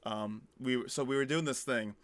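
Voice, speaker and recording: A young man co-hosting a podcast, telling an animated story in casual chat with lots of fillers. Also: medium pitch, normal speed, no room sound. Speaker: podcast co-host.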